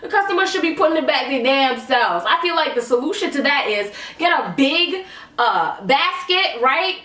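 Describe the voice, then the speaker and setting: A young woman from Canada telling a storytime vlog in an animated, candid and profane way. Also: high voice, moderate pace. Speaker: vlogger. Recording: echoey room, mic at a distance.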